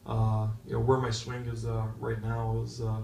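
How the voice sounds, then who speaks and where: A man's voice: mid-range voice, monotone, moderate pace, vocal fry, a little mellow, pitched below the performer's own voice, natural voice. A man impersonating a golf star who gives circular, empty answers full of fillers. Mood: vacant. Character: rambling, vacant American golf star interviewee. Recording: echoey hall from far off, faint noise.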